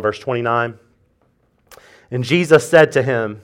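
A man's voice: medium pitch, unhurried, pauses often, smooth. A male pastor preaching in church, conversational and joking, emphatic as he drives his points. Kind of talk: sermon.

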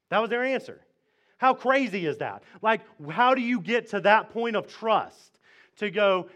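A man's voice: high voice, expressive, moderate pace, fairly bright tone. A male pastor from Mississippi, retelling a scripture story in a casual, joking sermon. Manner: conversational, jokey, retells scripture in slang.

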